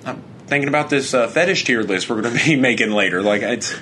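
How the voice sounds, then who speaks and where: A man's voice: medium pitch, quick pace, sharp tone, a little hiss or hum. A young man co-hosting a podcast in casual chat, rambling, laughing often and swearing as he acts out quoted back-and-forth. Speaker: podcast co-host.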